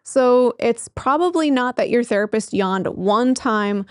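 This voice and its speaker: A woman's voice: on the high side, lively intonation, a little slow, dry recording. Chatty woman therapist, dry sound. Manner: chatty, laughs often, many fillers. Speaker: therapist and show host. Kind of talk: casual explanatory talk to camera.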